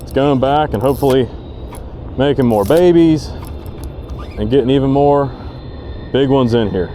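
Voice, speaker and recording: A man's voice: mid-range voice, normal speed, dark tone, slight background noise. A man filming himself fishing from a boat outdoors, talking to the camera and exclaiming and repeating himself as he goes. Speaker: fishing vlogger. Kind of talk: excited on-the-water commentary.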